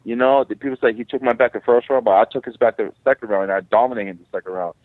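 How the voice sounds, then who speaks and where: A man who is a guest fighter, telling stories in an animated, profane, casual way. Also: medium pitch, quick pace, dry recording. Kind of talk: casual interview. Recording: tinny phone line.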